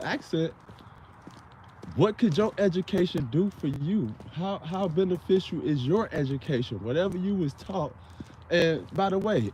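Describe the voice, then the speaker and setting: A man's voice: a little high, a little mellow, slight background noise. A man from Chicago with a Chicago accent, hosting a casual livestream rant and rambling, often stopping to search for words. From Chicago, USA. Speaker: livestream host.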